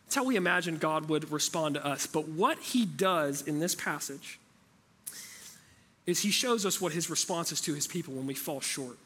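A man's voice: a little high, normal speed, bright, forceful tone, breathy edge. A man preaching a sermon as pastor, talking in a conversational way and asking the room rhetorical questions.

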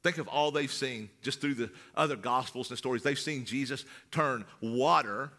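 A middle-aged male pastor preaching in a conversational style, repeating words and swinging from loud to hushed. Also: medium pitch, moderate pace. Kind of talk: sermon.

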